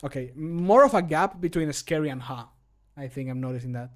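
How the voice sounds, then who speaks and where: A man's voice: on the high side, a little fast. Playful, laughing male streamer. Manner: laughs often, playful and chatty. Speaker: streamer and game modder. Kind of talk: casual live-stream chat. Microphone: close home microphone.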